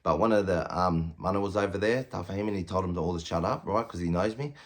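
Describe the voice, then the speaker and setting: A man's voice: sits low, fast. A man in his thirties with an Australian accent, telling a prison story bluntly, swearing constantly and acting out what people said. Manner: blunt, heavy swearing, quotes himself and others in raised voices. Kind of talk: casual storytelling.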